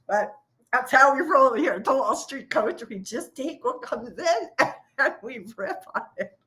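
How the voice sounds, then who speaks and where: A woman hosting a casual live trading coaching session from her home office, chatty and quick to laugh. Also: sits high, animated, pushed and bright. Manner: chatty, laughs often, acts out quoted voices. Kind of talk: casual live-stream chat.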